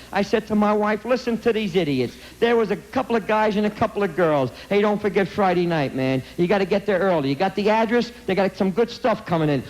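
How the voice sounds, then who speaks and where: Middle-aged man, blunt, emphatic speaker; high-pitched, acts out the people in his stories. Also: a little mellow, poor audio. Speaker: anti-drug speaker. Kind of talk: impassioned storytelling speech.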